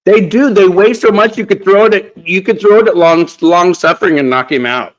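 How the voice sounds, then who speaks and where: A man's voice: high voice, fairly quick, low-quality recording. A man hosting a casual craft live stream, chatty and repeating words as he talks. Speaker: craft channel host.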